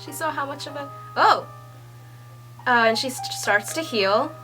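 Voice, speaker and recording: A young woman reading a manga chapter aloud and reacting with gushing excitement, swearing and laughing often. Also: high-pitched, measured pace, soft background music. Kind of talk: excited read-along reaction.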